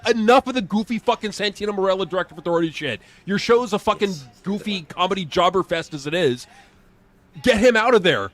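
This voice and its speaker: A man co-hosting a live wrestling reaction, ranting bluntly with lots of swearing. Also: on the high side. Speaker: co-host. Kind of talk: casual live reaction chat.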